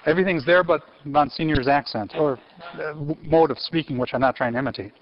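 A man giving a university theology lecture in an animated way, quizzing his audience and restarting phrases. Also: a little high, brisk. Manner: animated, asks the audience questions, frequent restarts. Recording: muffled lecture recording.

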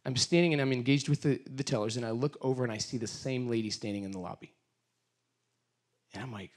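This middle-aged man, a guest speaker, talks fast in a mid-range voice. Earnest throughout, he recounts a story using quoted voices and then leads a fervent prayer as part of a sermon.

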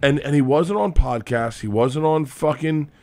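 A man's voice: fairly high pitch, normal speed, a little mellow, no room sound. A man hosting a podcast in casual chat, swearing often and stumbling over restarts.

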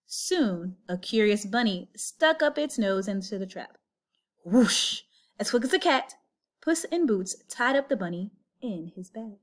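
A woman reading a children's picture book aloud, with an expressive story-telling lilt. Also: mid-range voice, unhurried. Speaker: storybook reader.

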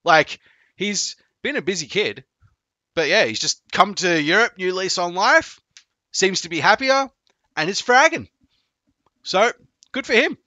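A man's voice: high voice, unhurried, pauses often, no room sound. A man coaching video games on a live stream, chatting casually, swearing and joking with viewers. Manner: profane, joking, excitable.

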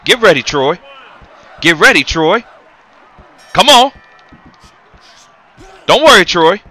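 A man's voice: sits high, sing-song, takes it slowly, sharp tone, a faint crowd, full character voice. A man voicing a cocky heavyweight boxer, commentating a game in character with taunting, rhyming trash talk. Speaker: gaming commentator.

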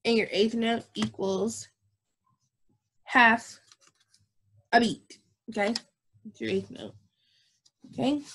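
Woman teacher, slow and patient, fairly high voice, for a children's music lesson. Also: fairly even intonation, slight background noise. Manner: slow, patient, repeats herself and checks with "okay?"; demonstrates whispering and shouting voices. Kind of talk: recorded lesson for young children.

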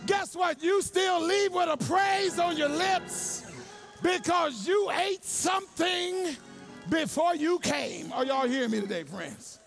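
A male pastor preaching a sermon in a church, colloquial and call-and-response, swinging from hushed asides to shouting. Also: very high-pitched, expressive, slow, vocal fry, faint music behind.

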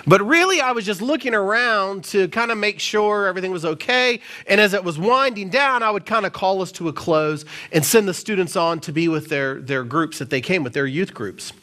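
A male pastor preaching a sermon in a live church service, telling a story in a conversational, animated way with casual fillers. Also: sits high, normal speed, hardly any pauses.

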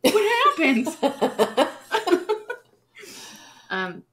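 A woman's voice: high voice, wildly swooping pitch, very slow, a bit bright. A woman co-hosting a podcast in casual chat, self-mocking and laughing often. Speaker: podcast co-host.

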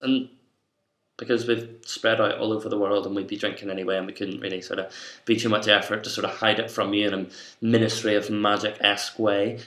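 A man's voice: on the low side, fairly bright tone, a little hiss or hum. Wry Irish man ranting in echoey room. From Ireland. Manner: mock-stern, bossy, wry. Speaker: comedy vlogger. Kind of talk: comic rant to camera.

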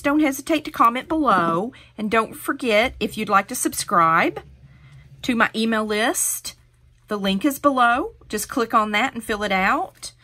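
A woman's voice: medium pitch, sharp tone. A middle-aged woman hosting a hands-on craft tutorial, talking viewers through each step in a chatty, encouraging way.

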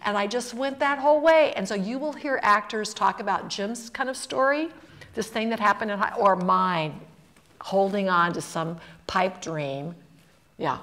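A woman's voice: mid-range voice, measured pace, fairly bright tone. A woman in her sixties from Mississippi, telling stories animatedly on a college panel and acting out the voices in them. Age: 60s. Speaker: actress on a panel. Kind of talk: anecdotal storytelling. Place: college event hall.

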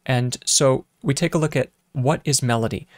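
A music teacher gives a casual lecture with keyboard demos, thinking out loud with fillers and restarts, humming and counting rhythms aloud as piano plays in the background. His mid-range voice moves at a moderate pace, and the studio-quality recording has no room sound.

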